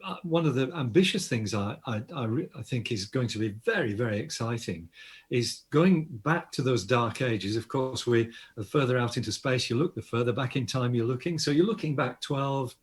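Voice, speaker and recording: A man's voice: medium pitch, animated, normal speed, slightly rough. An older Australian man, an astronomer guest, explaining science enthusiastically in an interview with frequent restarts. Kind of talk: interview conversation.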